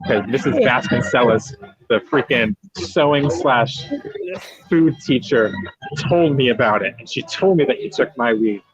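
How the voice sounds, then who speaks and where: A young man from Massachusetts, a podcast guest, telling stories in a lively, joking, emphatic way and swearing freely. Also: mid-range voice, measured pace. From New Bedford, Massachusetts. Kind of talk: casual storytelling chat. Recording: dull lo-fi podcast audio.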